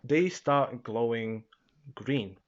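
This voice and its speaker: A man's voice: mid-range voice, drawn-out words. A young man casually recapping an episode in a rambling way, full of fillers and laughs. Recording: slightly dull lo-fi sound.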